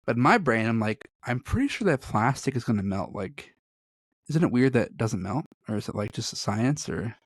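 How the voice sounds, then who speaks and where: A man's voice: medium pitch, very animated, normal speed, dry recording, studio quality. A man co-hosting a podcast in casual chat, rambling and self-deprecating, often breaking into laughter. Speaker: podcast co-host.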